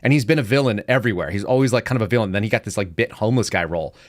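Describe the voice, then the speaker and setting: Brief: male show host, very quick and animated delivery, joking and rambling, close dry mic. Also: on the low side, no room sound. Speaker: podcast host. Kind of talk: casual political commentary.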